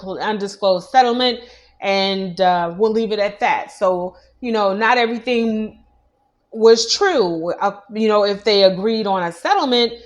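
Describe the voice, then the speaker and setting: A young adult woman hosting a casual celebrity news show, chatty and opinionated, with many asides. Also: medium pitch. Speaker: news host.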